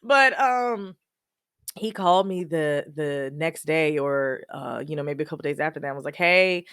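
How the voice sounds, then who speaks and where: A woman podcaster tells her own story in a loose, rambling way, full of "um" and "you know." She laughs often even when the subject is sad. Her voice sits a little low and the sound is dry, with no room echo. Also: normal speed, smooth. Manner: laughs often while telling sad memories; many fillers like "you know" and "um". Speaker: podcast host. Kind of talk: personal storytelling, casual.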